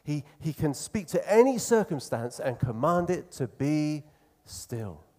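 A man preaching a sermon in an earnest, conversational way, slowing down to stress key phrases. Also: a little high, very animated, darkish tone.

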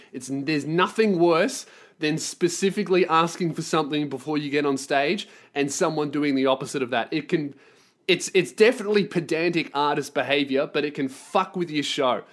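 A man's voice: fairly high pitch, moderate pace. Profane ranting man. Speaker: podcast host and touring performer. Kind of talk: storytelling rant.

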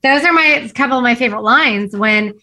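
A woman chatting on a movie podcast, lively and quick to jump in, laughing as she retells scenes. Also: fairly high pitch. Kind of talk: casual movie discussion.

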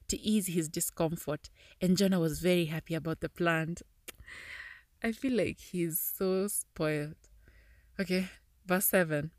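A woman's voice: lowish voice, no room sound, studio quality. A woman hosting a casual podcast, reading a passage aloud and reacting with chatty asides and frequent laughter. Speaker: podcast host.

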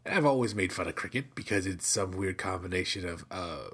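A man's voice: sits low, lively intonation, brisk, few pauses, a bit bright, husky. A middle-aged American man hosting a casual solo podcast, rambling conversationally with lots of fillers and restarts. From United States. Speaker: podcast host.

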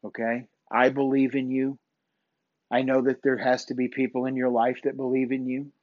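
Earnest man giving a halting pep talk. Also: medium pitch, completely flat delivery, dry recording, narrow, tinny audio. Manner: earnest, repetitive, halting with many fillers. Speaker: podcast host. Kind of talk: motivational faith pep talk.

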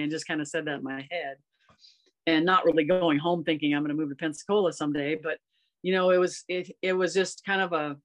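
This woman in her fifties has a low-sitting voice, a steady tone and a slightly fast pace. She's a golf coach appearing as a podcast guest, sharing personal stories in casual conversation, earnest, rambling and heartfelt.

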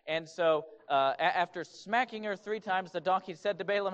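A man's voice: sits high, normal speed, smooth. A man preaching a sermon in a conversational way, often asking rhetorical questions. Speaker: pastor. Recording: dull lo-fi recording.

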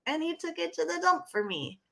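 A middle-aged woman co-hosting a podcast, telling her story with big dramatic swings. Her voice rises and falls all over the place, and its tone is bright and forceful. She plays up every moment with animated energy. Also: extremely high pitch, brisk, vocal fry, a little hiss or hum. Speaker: podcast co-host.

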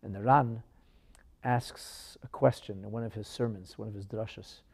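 A man teaching a Torah class as a rabbi, swinging dramatically between loud outbursts and hushed asides. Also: fairly low pitch, steady tone, measured pace, creaky, breathy edge.

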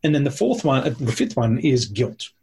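A man's voice: medium pitch, sing-song, moderate pace, darkish tone, slightly rough. A man talking with a host, explaining points in a teacherly, emphatic way and listing them one by one. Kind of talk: conversational explaining.

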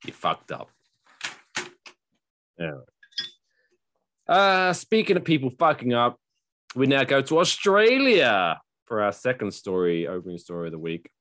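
A man hosting a podcast, chatting casually in a jokey, animated way and swearing freely. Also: mid-range voice, unhurried, long pauses, no room sound, clean studio sound. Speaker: podcast host.

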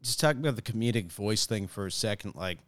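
A man with a very deep voice, a comedian guest in casual podcast chat, telling stories in a laid-back, profane way. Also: expressive, fast talker, a bit bright, no echo.

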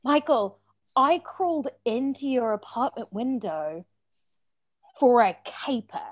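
Actress for a bright-voiced, crying-prone ex turned defiant, lively pitch. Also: female voice, slow, highs cut off. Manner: animated, lilting, prone to crying. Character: tearful, newly empowered woman, Michael's ex. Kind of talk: improvised comedy scene.

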